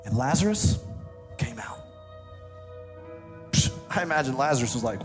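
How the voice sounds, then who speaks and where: A man preaching a sermon with passion, climbing to fervent shouts and then dropping to a hushed, prayerful tone. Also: medium pitch, animated, moderate pace, long pauses, over music. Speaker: pastor. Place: church service streamed online.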